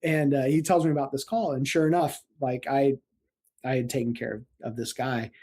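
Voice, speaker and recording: A man from central Illinois, a paramedic guest in a casual interview, telling lively stories and laughing often. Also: mid-range voice, moderate pace. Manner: animated, laughs often, acts out quotes.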